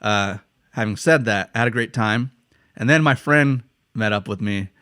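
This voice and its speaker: A man's voice: lowish voice, moderate pace, bright, forceful tone, smooth, dry recording, clean studio sound. An American man hosting a podcast, telling stories casually, swearing freely and laughing often. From United States. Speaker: podcast host. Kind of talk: casual storytelling chat.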